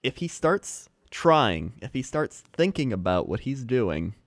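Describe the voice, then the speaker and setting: A man's voice: medium pitch, very animated, measured pace, dry recording, studio quality. Goofy mock-serious young male podcaster. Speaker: podcast co-host. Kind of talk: casual comedy chat.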